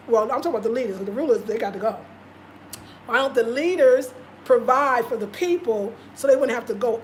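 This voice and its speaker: Her voice sits high, and there's a little background noise as this woman vlogger chats casually on a live stream. She's passionate and keeps restating her points to drive them home.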